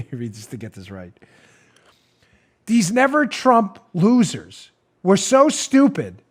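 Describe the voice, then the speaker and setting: A male political talk show host telling a story with theatrical mockery and frequent laughter. His pitch runs a little high and swings widely as he performs his lines. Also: huge pitch swings, takes it slowly, slightly rough.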